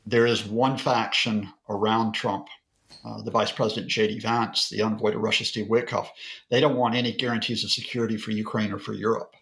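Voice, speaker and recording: A man's voice: on the low side, level tone, fairly quick, vocal fry, fairly bright tone. A male professor being interviewed as a guest analyst, explaining at length in a lecture-like way with occasional fillers. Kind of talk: broadcast interview.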